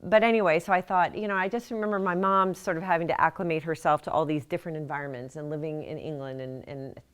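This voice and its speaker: A woman's voice: deep voice, steady tone, fast talker, smooth. A middle-aged woman author giving a casual, chatty talk to a library audience, self-deprecating and laughing at her own jokes. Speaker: author speaking at a library event.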